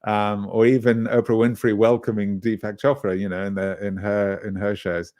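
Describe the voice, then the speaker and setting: A man's voice: fairly low pitch, flat delivery, normal speed, darkish tone. A man from South Africa hosting a live online workshop on social media writing, chatty and hesitant with many fillers. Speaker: webinar trainer.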